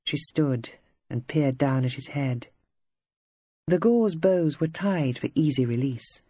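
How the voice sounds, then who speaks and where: Brief: literary audiobook narrator, dark and raspy, close and dry sound. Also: medium pitch, lively intonation, takes it slowly, no room sound. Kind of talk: scripted narration.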